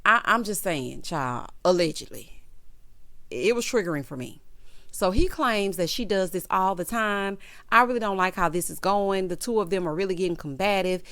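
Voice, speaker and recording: A woman's voice: medium pitch, moderate pace, fairly bright tone, dry recording. Sassy woman recapping reality TV. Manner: sassy, opinionated, acts out quotes in character. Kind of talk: casual recap commentary.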